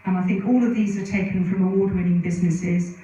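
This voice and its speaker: A woman's voice: on the low side, fairly even intonation, fast, warm tone. A middle-aged woman giving a conference presentation, telling anecdotes in a chatty way with many asides. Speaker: conference speaker. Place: conference venue. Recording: very echoey hall from a distance.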